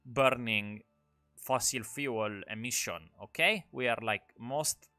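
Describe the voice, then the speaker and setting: A smug, self-congratulating politician, as a young man puts him on with a bright, forceful voice. He brags about clean energy, with faint music behind him. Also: medium pitch, slow, no echo. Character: mock Norwegian politician, smug about green image.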